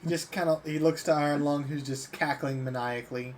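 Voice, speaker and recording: A man's voice: on the high side, fairly even intonation, fairly quick, slight background noise. A man narrating as game master in a tabletop role-playing game, easygoing and describing scenes with small fillers.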